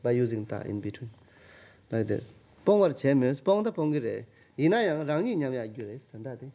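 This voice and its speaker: A man teaching a text, explaining grammar word by word in a halting, repetitive way. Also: medium pitch, very animated, dark tone. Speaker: Tibetan language teacher. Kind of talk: casual text-study session.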